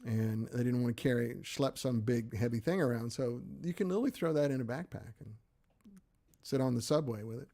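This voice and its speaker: A man's voice: medium pitch, a little fast, dark tone. A middle-aged American man hosting a livestream, chatting loosely and self-deprecatingly as he answers viewer comments. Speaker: livestream host. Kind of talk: casual chat reading viewer comments.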